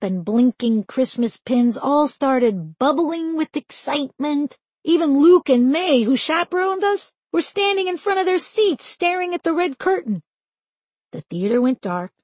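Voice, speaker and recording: Wry, higher-voiced woman narrating an audiobook. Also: no echo. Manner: wry, deadpan teenage narration. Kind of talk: first-person audiobook narration.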